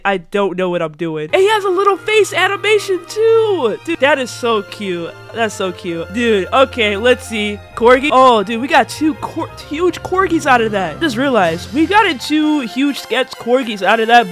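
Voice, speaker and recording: A young man talks through his gameplay in loose, slangy commentary. His voice sits very high and sounds bright and sharp, and he stammers and repeats himself as he goes. Light game music plays under him. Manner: excitable, shouts and laughs at big wins. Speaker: gaming YouTuber.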